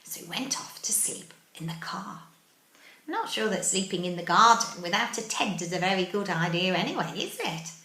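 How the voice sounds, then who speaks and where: A woman teacher reading a picture book aloud to young children, animated, asking them questions and dropping into whispers. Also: on the low side, normal speed. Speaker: early-years teacher. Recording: roomy echo.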